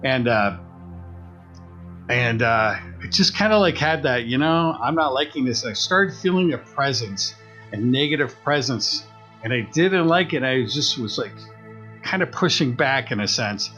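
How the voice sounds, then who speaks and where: A man's voice: mid-range voice, measured pace, soft background music. Man telling a story on a podcast. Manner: animated retelling, acts out quoted voices. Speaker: podcast co-host. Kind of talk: casual storytelling.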